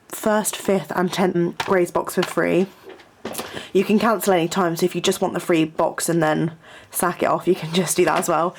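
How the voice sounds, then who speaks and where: A young woman, a university student, chatting casually in a rambling vlog from her student flat. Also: fairly low pitch, creaky, slight background noise. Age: young adult. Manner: rambling, lots of "like" fillers.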